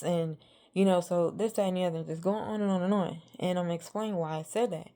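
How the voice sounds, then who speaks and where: A woman's voice: lowish voice, fairly even intonation, quick pace, dark tone. A woman vlogger telling a storytime about arguments with her partner, rambling and exasperated as she retells what was said. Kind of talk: casual storytime monologue.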